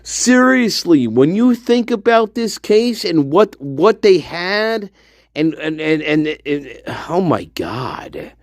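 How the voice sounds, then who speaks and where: A man's voice: on the high side, very animated, takes it slowly, no room sound, studio quality. A man hosting a casual true-crime commentary, rambling and swearing with sudden outbursts. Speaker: host of a true-crime discussion channel.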